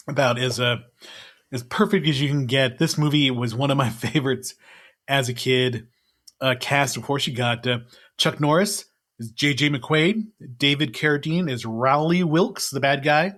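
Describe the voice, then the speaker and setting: Medium-pitched and a bit bright, a man co-hosting a laid-back movie podcast wanders through the cast list, chuckling often and filling gaps with fillers.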